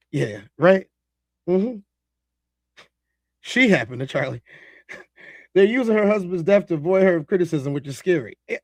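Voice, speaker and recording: Animated high-voiced man reacting to chat. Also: moderate pace, pauses often, no room sound. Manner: animated, laughing, talks to chat. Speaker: streamer host reacting to a video. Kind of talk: live reaction stream commentary.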